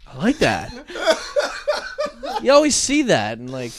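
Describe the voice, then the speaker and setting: A man co-hosting a casual podcast chat, playful and quick to react. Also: medium pitch, huge pitch swings, heavy background noise. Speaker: co-host.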